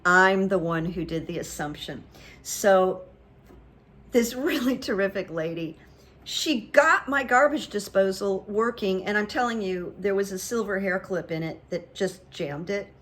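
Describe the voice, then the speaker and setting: A woman's voice: medium pitch, lively intonation, measured pace, fairly bright tone. A woman hosting her own show, telling a casual story in a chatty, self-deprecating way with lots of fillers. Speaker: host.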